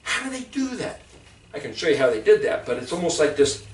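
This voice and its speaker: A man in his fifties teaching scripture to a group, animated, lifting his voice high on questions. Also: fast talker. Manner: rises to high excited pitch on questions. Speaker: Bible teacher. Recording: roomy sound from far off.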